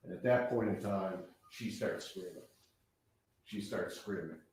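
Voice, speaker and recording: Lower-voiced male prosecutor in an echoey courtroom. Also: a little mellow, recorded from a distance, slight background noise. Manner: measured, narrating events step by step. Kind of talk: courtroom opening statement.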